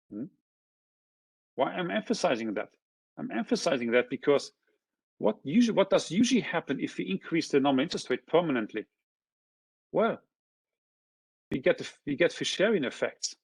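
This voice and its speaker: Husky-voiced man lecturing on graphs. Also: fairly high pitch, no echo. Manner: checks in with frequent tag questions; points through a figure step by step. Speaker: economist presenting a seminar. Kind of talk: academic lecture explaining graphs.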